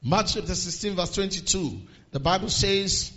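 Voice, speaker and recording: A man preaching a sermon, swinging from low murmurs to raised exhortations and quoting scripture in old-fashioned phrasing. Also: moderate pace, bright, forceful tone, lo-fi sound. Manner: quotes scripture in King James phrasing.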